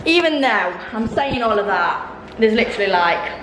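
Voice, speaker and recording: A woman's voice: on the high side, very animated, normal speed, noisy background. A young woman in her twenties chatting casually to her phone camera, rambling with lots of ums and laughs. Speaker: vlogger.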